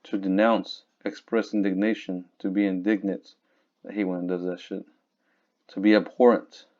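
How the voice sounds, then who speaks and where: A man teaching from scripture in a casual, conversational way, reading verses slowly and looking up words aloud. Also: deep voice, little pitch movement, a little mellow. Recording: dull lo-fi recording.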